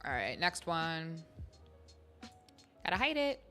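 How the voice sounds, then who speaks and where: Slow, bright-voiced woman host chatting casually. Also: low-pitched, big pitch swings, soft background music. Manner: rambling, giggly, many fillers. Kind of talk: casual livestream chat.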